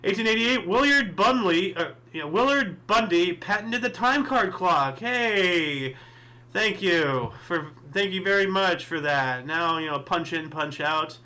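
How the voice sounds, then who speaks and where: A man's voice: sits high, lively intonation, a little slow, sharp tone. A man hosting a casual history podcast, reading dates and events and rambling into chatty asides with lots of fillers. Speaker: podcast host.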